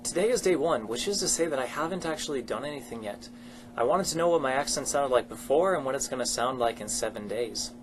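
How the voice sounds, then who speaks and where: A man's voice: medium pitch, background noise. A young man vlogging casually into his webcam at home, upbeat and self-deprecating as he talks about learning an accent. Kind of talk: casual self-recorded vlog. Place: home at night.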